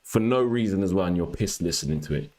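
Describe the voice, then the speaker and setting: Low-voiced young man bantering on a livestream. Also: expressive, fast, darkish tone. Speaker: livestream host. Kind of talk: casual livestream chat with viewers.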